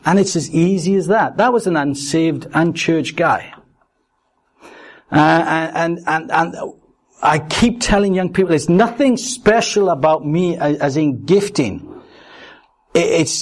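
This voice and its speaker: A middle-aged male preacher delivers a sermon built on personal stories. His voice sits a little high, and he tells each story in an animated way, acting out the quotes.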